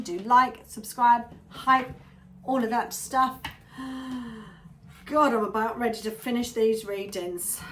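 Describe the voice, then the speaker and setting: A woman's voice: on the high side, a bit bright, slight background noise. A woman giving a casual tarot reading to her viewers, chatty and rambling, often drifting into little asides. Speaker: tarot reader.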